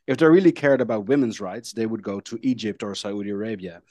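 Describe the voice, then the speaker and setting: A man in a podcast discussion, starting haltingly with many fillers and repeats before listing his points steadily. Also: fairly low pitch, animated, mellow, no room sound. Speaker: podcast guest.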